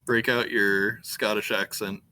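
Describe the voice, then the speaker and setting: A man's voice: fairly low pitch, level tone, unhurried, sharp tone, dry recording. A man playing in a tabletop game, joking around and laughing often. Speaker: player. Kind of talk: casual chat during a tabletop game.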